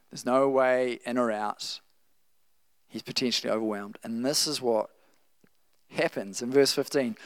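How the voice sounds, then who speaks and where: A man preaching a sermon, reading scripture and acting out the quotes with playful, animated asides. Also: a little high, smooth, dry recording.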